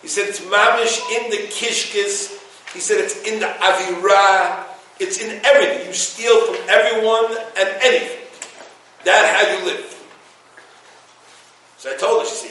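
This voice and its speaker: A man's voice: sits high, normal speed, long pauses, pushed and bright. A man giving an informal Torah talk, telling a story, acting out the quotes and laughing at his own jokes. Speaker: Torah teacher. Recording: echoey room, distant mic, faint noise.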